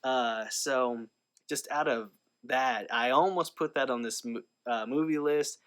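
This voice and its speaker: A man's voice: medium pitch, unhurried, fairly bright tone, smooth. Rambling male movie reviewer. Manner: rambling, with frequent "uh" fillers and restarts. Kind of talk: casual movie review vlog.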